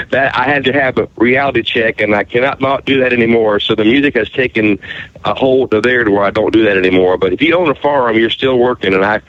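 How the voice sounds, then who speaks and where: A man's voice: mid-range voice, highs cut off. A man from southwestern Ohio with an Appalachian country twang, a country singer answering interview questions in a laid-back, folksy way. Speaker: country singer-songwriter, guest. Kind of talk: radio interview.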